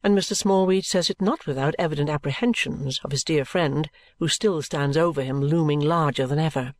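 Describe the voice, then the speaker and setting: A man reading a classic novel aloud in a formal, even-toned storytelling manner. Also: a little high, a little fast, dry recording. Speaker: audiobook reader.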